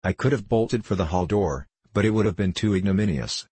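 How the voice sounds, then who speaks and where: A man narrating an audiobook in a measured, wry storytelling manner. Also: on the low side, darkish tone, slightly rough, dry recording.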